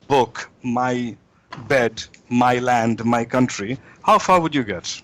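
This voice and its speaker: A man being interviewed as a guest author, laying out his argument deliberately, often acting out quoted speech. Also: medium pitch. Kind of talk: talk show interview.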